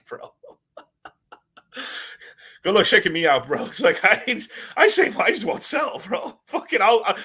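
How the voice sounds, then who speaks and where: Bright-voiced man ranting casually. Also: a little high. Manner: rambling, swears a lot, laughs often. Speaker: crypto video host. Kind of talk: casual profane rant to camera.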